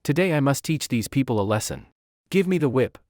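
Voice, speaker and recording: A man voicing an arrogant, hot-tempered young nobleman who shouts at commoners. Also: mid-range voice, animated, a little fast, no room sound, studio quality, close to an everyday voice. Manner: haughty, shouting.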